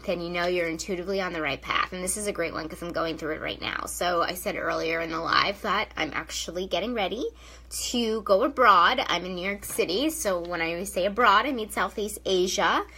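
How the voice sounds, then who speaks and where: A woman's voice: on the low side, fairly quick, sharp tone, husky, low-quality recording. A young woman, a spiritual coach, talking casually to viewers on a live stream, with many fillers and "right?" tags.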